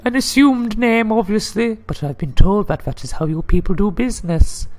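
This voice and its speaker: A man voicing a nervous woman corporate executive from a video game in a high falsetto lady voice, with her fear held under composure. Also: animated, moderate pace, darkish tone. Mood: guarded.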